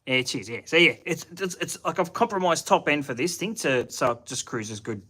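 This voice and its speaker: At night in his home shed, a man with a broad Australian accent hosts a casual live chat for his channel, answering viewers and thinking aloud in a rambling, slangy way. His voice is a little high, animated, pushed, bright and husky, at a moderate pace.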